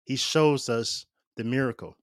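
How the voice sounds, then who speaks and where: A man's voice: medium pitch, a little slow, dry recording, clean studio sound. A man preaching a casual, conversational homily, often checking in with his listeners and using plenty of fillers. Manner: chatty, keeps asking "right?" with fillers and laughs.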